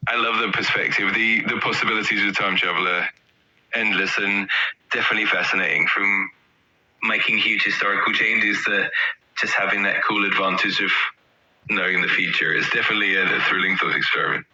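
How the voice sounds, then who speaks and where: Bright, husky male AI voice. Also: fairly low pitch, fairly even intonation, a little fast. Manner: agreeable, stock enthusiastic phrasing. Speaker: AI chat companion. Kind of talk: upbeat conversational replies. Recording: dull lo-fi recording.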